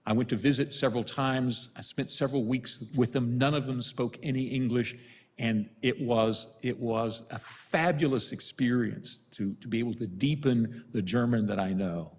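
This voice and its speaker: Older priest with a husky voice. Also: male voice, medium pitch, moderate pace, a little mellow. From United States. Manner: storytelling, self-deprecating humor. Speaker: priest giving a retreat talk. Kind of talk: retreat conference talk. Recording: long reverb of a large hall.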